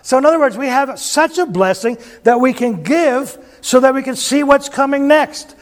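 High-voiced man preaching a folksy sermon. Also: moderate pace. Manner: folksy, joking, asks the audience questions. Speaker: pastor.

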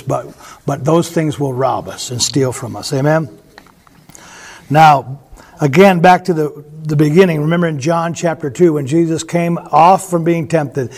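A man teaching the Bible in a conversational way, animated and chuckling as he retells stories. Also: on the high side.

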